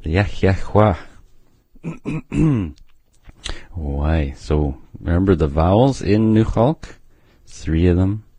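A man with an extremely deep voice teaches a language on radio at a very slow, deliberate pace. He drags out each sound as he pronounces it, with a dark, mellow tone. The sound is dry and close. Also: very animated, husky, no room sound.

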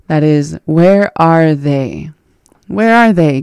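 A gravelly-voiced host teaches phrases at an unhurried pace, saying each one in parts before giving its meaning. The sound is close and dry, with no room around it. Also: medium pitch, expressive, a little mellow, dry recording. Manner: repeats phrases slowly and breaks them into parts, then gives the meaning. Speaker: language lesson host. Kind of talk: teaching phrases by slow repetition.

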